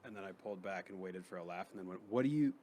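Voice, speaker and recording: A man's voice: low voice, flat delivery, racing, slight background noise. A man who is a comedian guest, telling stories in a rambling, profane way in casual podcast chat.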